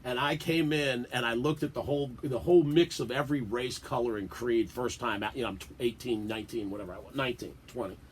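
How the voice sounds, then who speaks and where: This middle-aged man from the Washington DC area talks fast with few pauses, laughing and acting out quotes as he tells stories as a guest in a casual radio studio interview. His pitch is medium. A slight hiss or hum is present.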